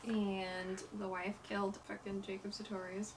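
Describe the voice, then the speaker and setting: A woman's voice: medium pitch, little pitch movement, normal speed. A young woman chatting casually with her boyfriend, asking short questions about the story. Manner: casual, brief back-and-forth questions. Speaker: girlfriend listening. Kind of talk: casual chat. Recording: distant voice with faint background noise.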